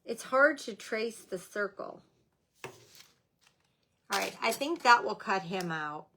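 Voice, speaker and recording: A woman's voice: mid-range voice, animated, slow, pushed and bright, a little hiss or hum. A middle-aged woman hosting a casual crafting livestream from home, chatting about her supplies, scolding herself for forgetting things and greeting viewers by name.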